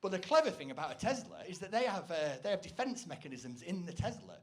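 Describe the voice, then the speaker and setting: A man performing a rambling, self-deprecating stand-up comedy set on stage, breaking into loud, shrill impressions. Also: big pitch swings, fast talker. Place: stage before a live audience.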